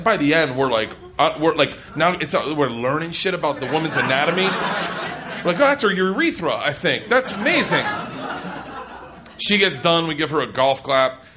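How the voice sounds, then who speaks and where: Guy comic rambling a crude story onstage, highish voice, loud crowd and noise. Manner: rambling, crude, self-mocking, yelling bursts. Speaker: stand-up comedian. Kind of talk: stand-up storytelling. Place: comedy club stage. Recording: live club recording with loud crowd.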